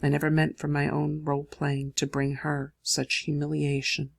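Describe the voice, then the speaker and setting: An audiobook narrator reading a first-person novel in a measured storytelling manner. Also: male voice, on the high side, completely flat delivery, vocal fry.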